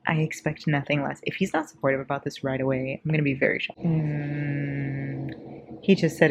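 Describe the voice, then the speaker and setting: Woman, low voice, tired and giddy, chatty, swearing, laughing, noisy recording. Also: little pitch movement, moderate pace. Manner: chatty, profane, often laughing. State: sleep-deprived, a little delirious. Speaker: book vlogger. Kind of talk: casual reading-reaction vlog. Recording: audible background noise.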